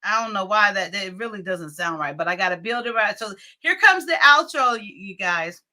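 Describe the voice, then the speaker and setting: A woman's voice: mid-range voice, expressive, moderate pace, sharp tone. A woman hosting a casual livestream, chatting with viewers and laughing often. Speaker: livestream host.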